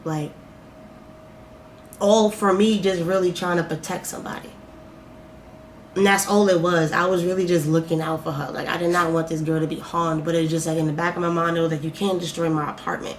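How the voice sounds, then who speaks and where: A young woman tells a storytime in a lively, animated way, swearing freely and acting out her own reactions. Her voice sits a little low for a woman. The room echoes around her, with a faint hiss underneath. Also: a little fast. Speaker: vlogger. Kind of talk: casual storytime.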